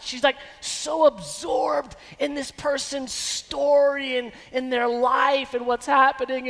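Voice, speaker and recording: A man in his thirties preaching a sermon as pastor, animated and given to breaking into snatches of song. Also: extremely high pitch, a little slow, few pauses. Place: church sanctuary. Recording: long church hall reverb.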